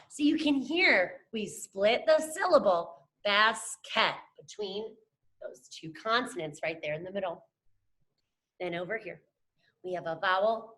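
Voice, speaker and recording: Bright, lively woman teaching young children. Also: mid-range voice. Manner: upbeat, encouraging, talks to children as friends. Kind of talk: scripted classroom lesson to camera.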